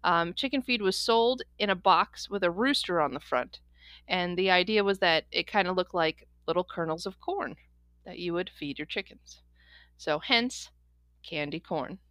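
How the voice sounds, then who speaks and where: Bright, animated woman telling stories. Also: on the low side, dry recording, studio quality. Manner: animated storyteller, quick and laughing. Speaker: podcast co-host. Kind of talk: casual chat.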